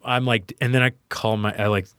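A young man from Louisiana, a podcast guest telling a story in a casual, profane, animated way and acting out the people he quotes. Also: lowish voice, a little fast, smooth, no room sound, clean studio sound. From Louisiana, USA.

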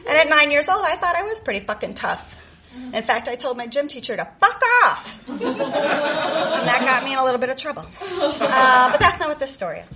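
A woman's voice: high voice, animated, moderate pace, over a noisy crowd. A woman from the South Side of Chicago telling a personal story on stage at a live show, sarcastic and profane with lots of energy.

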